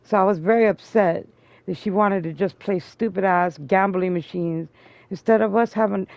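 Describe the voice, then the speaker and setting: This woman, a streamer host with a gravelly voice, speaks at a moderate pace as she tells a long, profane story in casual chat. She gets loud and high when quoting people, and the dull lo-fi stream audio has no room sound.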